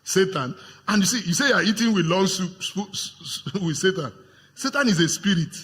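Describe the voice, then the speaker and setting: A Nigerian man preaching a lively sermon to his congregation as pastor, acting out the voices of tempters in his stories. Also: high-pitched, a little fast. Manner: animated, acts out voices of tempters, laughs with congregation. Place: church hall with congregation. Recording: long hall reverb.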